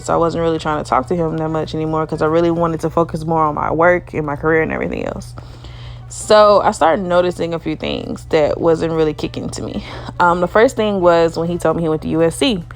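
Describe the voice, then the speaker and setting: A woman's voice: low-pitched, a little fast, gravelly. A young woman from Alabama telling a dating story in a casual, chatty way, leaning on "you know" and laughing often.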